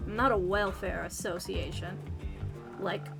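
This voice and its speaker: A woman's voice: mid-range voice, steady tone, unhurried, gravelly, over music, pitched below the performer's own voice. Woman doing a blunt, money-minded mercenary. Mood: flippant. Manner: blunt, flippant.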